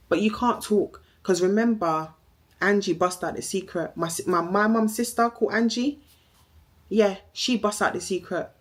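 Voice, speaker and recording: A young woman with a Jamaican accent delivering a heated, accusing, repetitive social media rant, swearing as she goes. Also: fairly low pitch. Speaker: vlogger.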